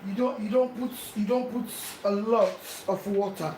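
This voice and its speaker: A woman's voice: mid-range voice, moderate pace. A woman giving a cooking demonstration in her home kitchen, talking the viewer through each step and repeating instructions over and over. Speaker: home cook. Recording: echoey kitchen with frying noise.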